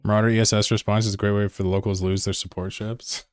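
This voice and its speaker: A man chatting casually on a live game stream, excitable and swearing freely as he answers chat between calls. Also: lowish voice, fast talker, clean tone, dry recording, studio quality.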